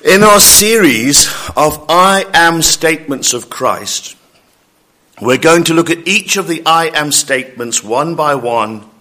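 A man preaching a sermon, praying and then teaching scripture in a slow, emphatic way. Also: a little high, expressive, sharp tone.

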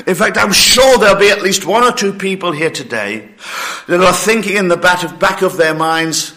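Male preacher, breathless and coughing, slow emphatic sermon, fairly high bright voice. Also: animated. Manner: slow, emphatic preaching with acted-out listener objections.

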